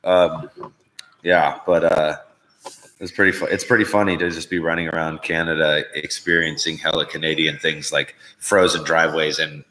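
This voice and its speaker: A man's voice: a bass voice, flat delivery, moderate pace, sharp tone, rough recording. A man hosting a live-stream show, chatting casually in a profane, rambling, jokey way. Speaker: podcast host.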